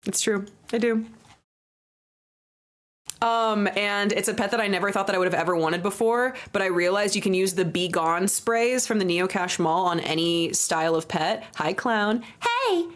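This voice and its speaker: A woman livestreamer chatting casually to her viewers while playing a game, bubbly and playful, with baby talk, casual swearing and high squeals when excited. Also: moderate pace. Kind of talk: casual gameplay chat.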